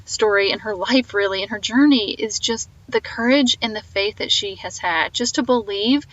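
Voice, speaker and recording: A woman's voice: medium pitch, moderate pace, fairly bright tone, no echo, dull audio. A woman hosting a faith podcast with a slight Southern twang, talking earnestly and rambling a little as she reflects on an interview. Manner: earnest, rambling, full of fillers. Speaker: podcast host.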